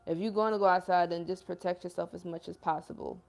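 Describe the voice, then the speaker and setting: A woman's voice: lowish voice, steady tone, fast talker, vocal fry, darkish tone, soft background music. A young woman hosting a livestream as a self-described healer, talking in earnest, emotional casual chat full of slang like "yo" and "y'all" while reading out viewer comments.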